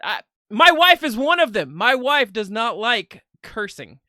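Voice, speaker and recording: Male co-host, high bright voice, smooth and frank, dry close mic. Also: big pitch swings, a little slow, dry recording. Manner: frank, opinionated. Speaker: podcast co-host. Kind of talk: casual chat.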